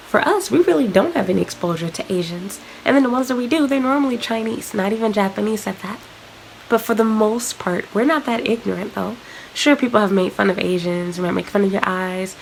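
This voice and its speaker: Frank ranting woman with a gravelly edge. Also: mid-range voice, slight background noise, poor audio. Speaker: vlogger. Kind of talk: ranting vlog to camera.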